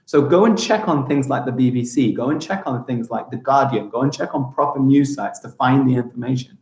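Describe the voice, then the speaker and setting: Lively male teacher, echoey room. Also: mid-range voice, fairly quick. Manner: animated, exaggerated pronunciation for children. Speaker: primary school teacher. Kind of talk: live online lesson for young children.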